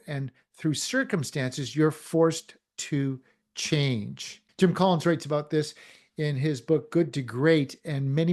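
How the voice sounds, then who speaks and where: A middle-aged man hosting a motivational podcast, energetic and firing many questions at the listener. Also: a little high. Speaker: podcast host. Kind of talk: motivational talk.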